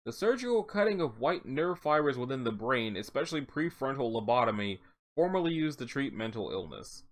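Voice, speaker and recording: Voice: medium pitch, very animated, a little fast. A tired narrator reading a wiki entry aloud, stumbling over words and adding casual asides. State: tired, yawning. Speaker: let's-read narrator.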